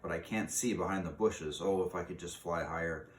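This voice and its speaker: A jittery young male crow frets and chatters in a low, deep voice, as a man reads him aloud from a storybook. The sound is echoey, picked up from a distance with a faint hiss underneath. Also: fairly quick, close to an everyday voice. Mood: anxious. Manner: anxious, talkative. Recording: echoey room, distant mic, faint noise.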